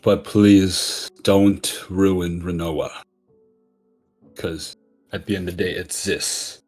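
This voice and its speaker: A man's voice: low voice, fairly even intonation, takes it slowly, darkish tone, soft background music. A man voicing a male adventurer giving an earnest, impassioned speech to a crowd in a tabletop game. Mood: apologetic, earnest. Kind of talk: tabletop roleplay in character.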